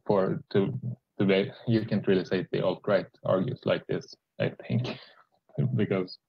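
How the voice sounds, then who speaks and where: A man with a Swedish accent debating on a voice call, speaking haltingly with many restarts and fillers. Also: low voice, fairly even intonation, creaky, breathy edge, highs cut off. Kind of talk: casual political debate.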